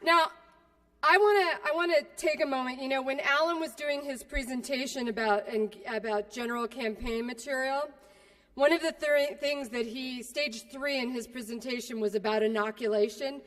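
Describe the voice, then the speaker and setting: A woman giving a fiery keynote speech at a union rally, profane and combative, swinging between quiet asides and shouting. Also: high voice, normal speed. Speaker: keynote speaker. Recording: long hall reverb.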